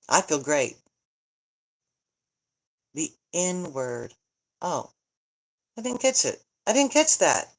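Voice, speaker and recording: A middle-aged woman chatting casually on a livestream, joking, rambling and answering viewer comments as she goes. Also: lowish voice. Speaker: vlogger, grandmother. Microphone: phone.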